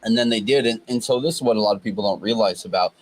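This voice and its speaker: A man's voice: lowish voice, rapid-fire, slight background noise, low-quality recording. A man hosting a casual crypto livestream, confident and lecturing, talking at length. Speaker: crypto show host.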